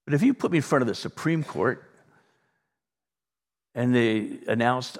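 Animated male preacher, echoing sanctuary. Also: medium pitch, a little slow, long pauses. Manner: animated, acts out voices of others. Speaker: pastor. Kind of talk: sermon. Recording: long reverb in a large room.

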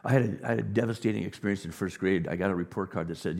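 A man preaching a sermon as pastor, animated, dropping to quiet asides and rising to loud emphasis. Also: sits low, rapid-fire, vocal fry. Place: church sanctuary. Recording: long reverb of a large hall.

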